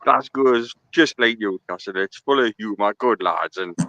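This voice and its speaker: A man calling in on a video call, telling a lively anecdote and laughing through it. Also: fairly low pitch, moderate pace, no room sound. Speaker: caller. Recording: muffled remote call audio.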